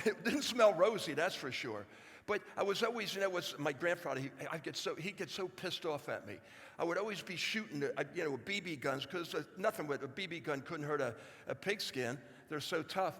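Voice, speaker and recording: A man in his seventies, with a slightly high, somewhat bright voice, gives a folksy, joking speech to a live audience in a large hall. He talks straight to the crowd, and a long reverb tail trails his words.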